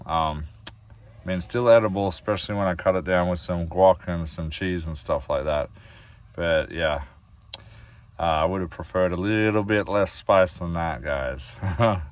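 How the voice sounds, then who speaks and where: Deep-voiced Australian man, chatty vlogger. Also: normal speed, no room sound. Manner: chatty, rambling, many fillers, addresses viewers as guys. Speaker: van-life vlogger. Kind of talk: casual cooking vlog. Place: inside a camper van.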